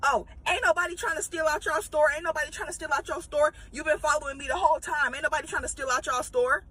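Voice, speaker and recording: A woman voicing an angry young woman shoplifter who loudly and repeatedly denies stealing. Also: sits high, fairly even intonation, quick pace, voice pushed up. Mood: indignant. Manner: indignant, repetitive outbursts.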